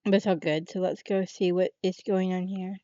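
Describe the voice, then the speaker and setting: A woman host chatting casually in relaxed asides as she reacts to a video. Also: lowish voice, moderate pace, no echo, lo-fi sound.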